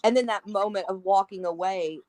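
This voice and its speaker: A woman's voice: mid-range voice, a little fast, no room sound, low-quality recording. A woman chatting casually about a film on a podcast, acting out the characters' lines as she retells scenes. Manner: animated, acts out quoted lines. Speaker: podcast guest.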